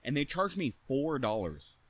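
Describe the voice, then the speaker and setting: Young male podcast co-host with a sharp, bright tone, swearing freely through a rambling story. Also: mid-range voice, moderate pace. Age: young adult. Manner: profane, animated anecdote telling. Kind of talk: casual storytelling.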